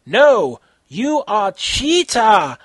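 A man's voice: a little high, big pitch swings, a little slow, slightly rough, no echo, heavily acted. A man voicing a small, brave, sweet schoolgirl in an amateur fan-fiction reading, earnest and simple. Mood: outraged.

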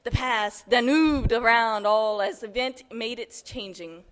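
A woman from the audience reading silly fan fiction aloud, halting, with stumbles and shouted lines. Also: fairly high pitch.

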